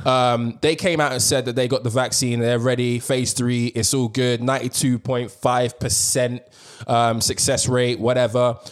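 Animated man hosting a podcast. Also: mid-range voice, moderate pace, hardly any pauses. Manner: animated, swearing, slangy. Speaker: podcast host. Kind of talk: casual podcast chat.

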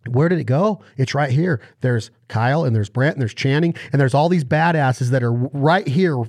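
A man hosting a hunting show and podcast, talking excitedly in casual conversation, rambling with many restarts. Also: medium pitch, normal speed, no room sound.

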